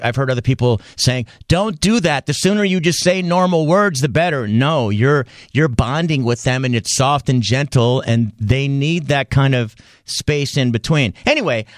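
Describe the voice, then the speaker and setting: A man's voice: medium pitch, no room sound. A man hosting a radio talk show, chatty and laughing often in a radio studio. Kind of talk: casual studio chat. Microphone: studio mic.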